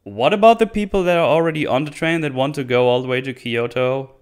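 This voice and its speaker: Reviewing a movie alone on his podcast, a man talks fast in a smooth, medium-pitched voice. It's a casual recap full of rambling, frequent laughter and plenty of restarts.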